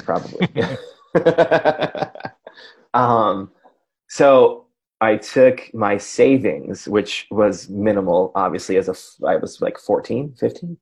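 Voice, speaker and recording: A man's voice: on the low side, a little mellow, breathy edge. A man in his forties from Wisconsin, a podcast co-host and radio personality, telling a rambling, self-deprecating story full of asides. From Racine, Wisconsin, USA. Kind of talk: casual storytelling chat.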